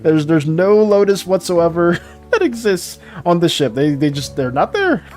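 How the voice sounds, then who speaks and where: A fairly high-voiced man chats loosely with his stream while drawing, his pitch swinging all over as he laughs and repeats himself. Soft music plays faintly underneath. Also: lively intonation, normal speed. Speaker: art streamer. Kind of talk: casual livestream chat while drawing.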